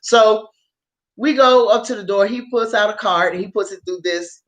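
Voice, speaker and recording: A woman vlogger telling a story in a casual, animated way, swearing freely. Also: mid-range voice, normal speed. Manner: animated, profane, laughs often.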